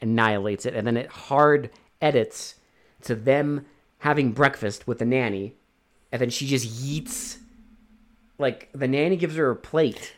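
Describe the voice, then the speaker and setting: A man's voice: mid-range voice, unhurried. Profane rambling man recapping a movie. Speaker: podcast co-host. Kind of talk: casual movie review chat.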